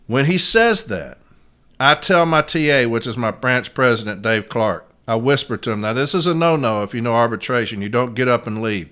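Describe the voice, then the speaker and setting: A podcast host and union advocate with a medium-pitched, fairly quick, pushed and bright voice tells a story in a casual monologue. He acts out the quotes and says "uh" a lot.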